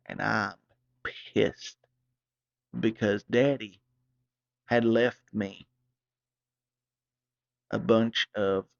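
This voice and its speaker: A man telling a crude comic story in a rambling, profane, excitable way. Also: lowish voice, extremely slow, gravelly, pauses often, no echo. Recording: dull, dry recording.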